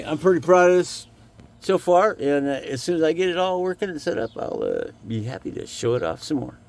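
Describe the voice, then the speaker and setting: A man casually explaining his camper setup in a vlog, halting with lots of "uh" fillers, talking inside a camper. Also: medium pitch. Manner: halting, many "uh" fillers, relaxed and folksy. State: has the hiccups. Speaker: vlogger.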